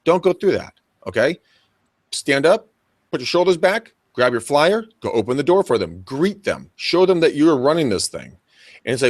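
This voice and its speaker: A man's voice: fairly high pitch, very animated, moderate pace, no echo. A man, a real estate agent co-hosting a show, coaching listeners with energy and acting out both sides of conversations with buyers. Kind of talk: energetic coaching talk with acted dialogue.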